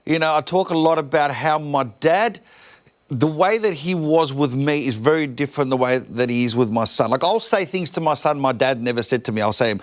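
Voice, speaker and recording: A man's voice: fairly high pitch, fairly quick. A middle-aged man from Australia with an Australian accent, a comedian guest chatting and telling jokes about his family in a self-mocking, storytelling way. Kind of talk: joking talk-show chat.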